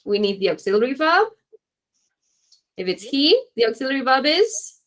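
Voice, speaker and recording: A woman's voice: high-pitched, big pitch swings, moderate pace, fairly bright tone, rough recording. A woman teaching a class to exam students, keeping it light and encouraging and checking in with "okay?" after nearly every point. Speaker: English teacher.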